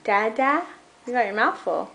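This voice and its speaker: A woman's voice: fairly high pitch, lively intonation, moderate pace, sharp tone, low-quality recording. A young woman filming her baby at home, coaxing him in sing-song baby talk and repeating simple words.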